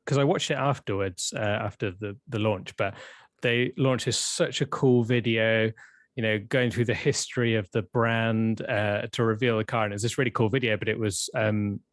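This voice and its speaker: A man co-hosting a live stream in casual chat, relaxed and often laughing. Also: fairly low pitch, moderate pace, dry recording. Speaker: co-host and channel founder.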